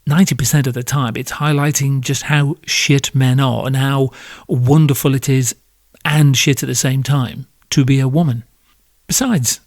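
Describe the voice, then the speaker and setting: Male host, comedic monologue, sarcastic and sweary, average pitch. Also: normal speed, no room sound, clean studio sound. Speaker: podcast host.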